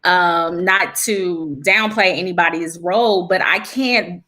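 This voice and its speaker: Woman, bright forceful tone, casual podcast chat, candid. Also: on the low side, slow pace. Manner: candid, talks in restarts and fillers. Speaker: podcast guest.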